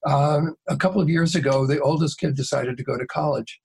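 A man who works as a mediator, telling a story calmly and steadily in an interview. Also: on the high side, brisk, gravelly, slight background noise.

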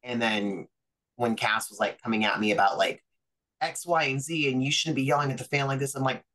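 A man's voice: mid-range voice, flat delivery, a little fast, a bit bright, low-quality recording. A man, a pro wrestler guest, telling stories from his career in a chatty way, full of fillers and acted-out quotes. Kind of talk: casual storytelling interview.

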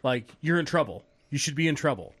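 A man co-hosting a podcast, telling stories in a profane, animated, casual way. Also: on the high side, brisk, breathy edge. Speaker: podcast co-host. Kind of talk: casual chat.

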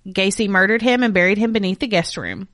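A woman's voice: medium pitch, brisk, a bit bright, no echo, clean studio sound. A woman hosting a true crime podcast, reading case details and breaking off into blunt, profane asides. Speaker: podcast co-host telling the case.

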